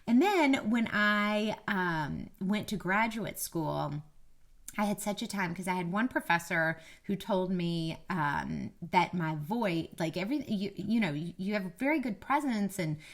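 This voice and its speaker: A woman's voice: medium pitch, animated, unhurried. A woman in her thirties from Kentucky with a mild Southern accent, a media coach giving casual, chatty, self-deprecating tips to camera. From Kentucky, USA. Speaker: media coach, former TV reporter.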